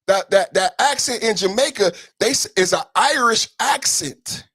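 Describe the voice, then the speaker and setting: A man's voice: high-pitched, animated, normal speed, pushed and bright, slightly rough, no echo, studio quality. A man hosting a solo podcast, ranting in a heated, emphatic way with frequent profanity. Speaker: podcast host.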